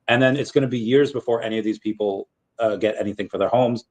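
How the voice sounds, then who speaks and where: A man co-hosting a casual podcast, ranting in a fired-up way with quick asides. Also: fairly low pitch, darkish tone. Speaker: podcast co-host.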